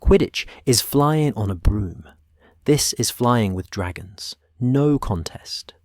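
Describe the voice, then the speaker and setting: A man's voice: medium pitch, expressive, slow pace, a little mellow, dry recording, studio quality. A man voicing an earnest young dragon handler who speaks steadily and directly.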